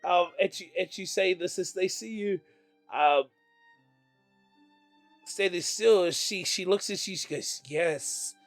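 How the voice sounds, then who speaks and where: A man's voice: high voice, a little slow, vocal fry, pauses often, soft background music. A man narrating as game master, rambling with many fillers and laughs. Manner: rambling, lots of ums and laughs.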